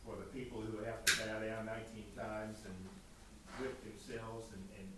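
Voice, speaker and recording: A man talking about faith in a halting way, often restarting his phrases. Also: lowish voice, flat delivery. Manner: halting, repeats words as he starts. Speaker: co-host of a Christian talk show. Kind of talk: casual discussion. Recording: distant, very echoey, noisy.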